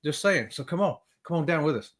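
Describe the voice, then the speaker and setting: Excitable man hosting a livestream. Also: fairly high pitch, brisk. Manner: excitable, drawling, whoops and laughs often. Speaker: livestream host. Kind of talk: casual livestream chat greeting viewers.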